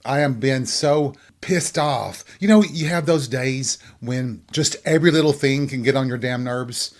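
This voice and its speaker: A man's voice: mid-range voice, a little slow. Crude, sarcastic ranting man. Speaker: podcast host. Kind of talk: profane comedic rant.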